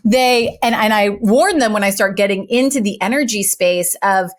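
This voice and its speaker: A middle-aged woman, a former news anchor turned speaking coach, talking in an interview with articulate, emphatic and animated delivery. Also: mid-range voice, slow. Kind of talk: conversational interview.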